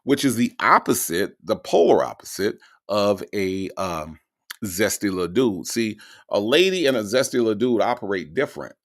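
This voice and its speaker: A man's voice: lowish voice, vocal fry. A man hosting a show, mocking and emphatic as he reacts to recorded calls and reads viewer comments aloud.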